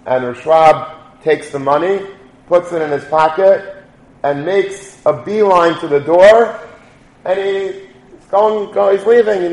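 A middle-aged rabbi tells a story with informal, lively delivery. His voice sits a bit high, and the room around him is echoey. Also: slow pace. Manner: animated, informal storytelling with Yiddish and Hebrew terms. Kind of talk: storytelling talk. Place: lecture room.

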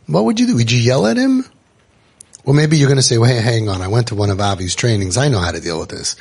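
Man, parenting podcast host, gravelly, husky, animated storytelling, acts out quoted voices, Yiddish and Hebrew words. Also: medium pitch, quick pace.

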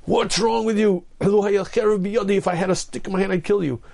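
A man's voice: on the high side, fast, vocal fry, darkish tone. A man voicing an arrogant sorcerer who angrily scolds and threatens his donkey. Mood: furious. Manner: angry, scolding.

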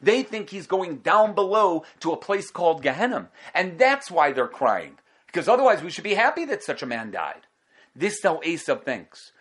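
A man teaching a Torah class, his pitch rising and falling in lively sweeps. He talks in an animated way, firing rhetorical questions at the class and answering them himself. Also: moderate pace, slightly rough.

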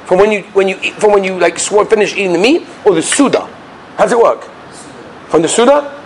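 A man teaching Jewish law as a lively lecture, full of stories and rhetorical questions. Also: high-pitched, a little fast, a little hiss or hum. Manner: lively storytelling, rhetorical questions, mixes Yiddish and Hebrew terms. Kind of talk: animated lecture with anecdotes.

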